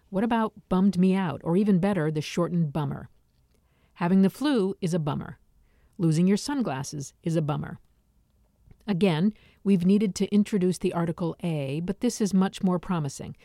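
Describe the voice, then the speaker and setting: A woman narrating a nonfiction book in a measured, explanatory way, dropping in dry, wry asides. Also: on the low side, dark tone, no echo. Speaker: audiobook narrator. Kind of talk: scripted nonfiction reading.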